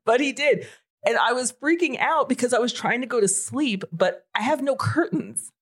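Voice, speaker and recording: A woman in her forties telling a story in casual podcast chat, animated and swearing freely. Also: fairly high pitch, moderate pace, breathy edge. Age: 40s. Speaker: podcast co-host.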